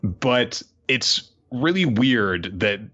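A man co-hosting a podcast, casually chatting and recapping with a relaxed, chuckling manner. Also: medium pitch, drawn-out words. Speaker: podcast co-host. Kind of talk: casual chat recapping a comic. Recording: dull lo-fi mic.

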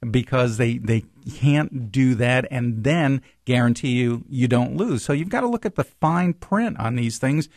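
Animated man explaining finances on air. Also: mid-range voice, measured pace, hardly any pauses, no echo, studio quality. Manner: animated, explanatory, repeats words when starting sentences. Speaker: financial planner co-host. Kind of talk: financial talk radio chat.

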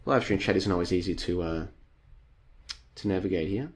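A man with a fairly low voice hosts a long live stream, reading chat and wandering off into tangents. He talks casually to his viewers and stacks up rhetorical questions. After hours on air his voice is starting to wear. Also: moderate pace, breathy edge. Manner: rambling, talks straight to the audience as "folks", repeats rhetorical questions.

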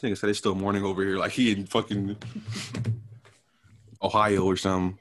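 Fast-talking, blunt young man. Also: deep voice, little pitch movement, a bit bright, a little hiss or hum. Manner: blunt, rapid street slang, swears a lot. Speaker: podcast co-host. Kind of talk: casual chat.

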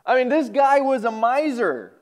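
Male pastor, sermon delivery, high and resonant, lively folksy storyteller. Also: moderate pace. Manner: animated, folksy storytelling with pitch swings. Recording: podcast recording.

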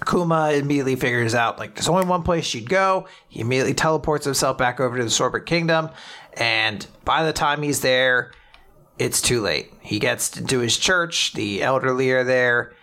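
A podcast host with a bright, forward, mid-range male voice recaps comic chapters at a steady, normal speed. His delivery is chatty and animated, loose and packed with fillers and small restarts.

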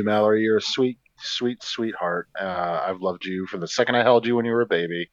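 A man's voice: lowish voice, brisk, hardly any pauses, dry recording, muffled recording. A man co-hosting a podcast in casual chat, joking and teasing with profane affection. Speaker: podcast co-host.

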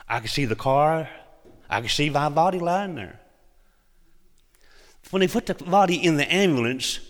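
A man's voice: fairly high pitch, a bit bright, in a large hall. A man from Oklahoma, preaching and telling a testimony in a folksy, humorous, dramatic way. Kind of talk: sermon testimony storytelling.

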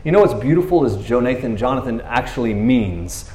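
A man's voice: medium pitch, normal speed, darkish tone. A man preaching a casual sermon, chatty, laughing often and acting out the story. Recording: echoey room.

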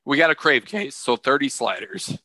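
A man's voice: mid-range voice, very animated, normal speed, pushed and bright, dry recording. A man co-hosting a podcast, telling a crude, profane comic story in casual chat. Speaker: podcast co-host.

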